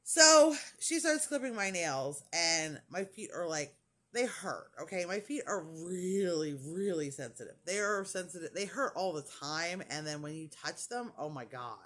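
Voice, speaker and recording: A woman chats to her viewers in a loose, rambling way, retelling a story and acting out what everyone said. Her pitch swings widely as she talks, full of likes and ums. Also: unhurried. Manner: animated, retells dialogue with lots of "like" and fillers. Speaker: crafting vlogger. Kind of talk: casual storytelling chat.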